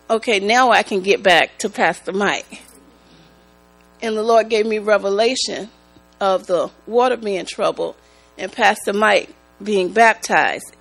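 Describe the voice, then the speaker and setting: A woman giving a church testimony, speaking in a slow, halting, emotional way. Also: medium pitch, poor audio. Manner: slow, halting, emotional, prone to rising excitement. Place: church sanctuary. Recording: mains hum in the background.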